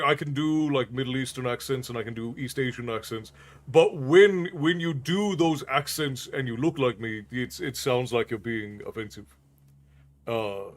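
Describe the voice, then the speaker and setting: A man from New York City chats casually with his stream's viewers, reading their comments aloud and laughing often. His voice sits at a middle pitch for a man. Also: a bit bright. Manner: chatty, laughs often, reads chat aloud.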